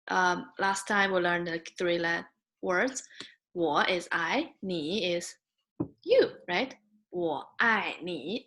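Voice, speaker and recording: A woman teaching a beginner Mandarin lesson, patiently modeling sounds and words for learners to repeat. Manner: slow, patient, models sounds loudly and high.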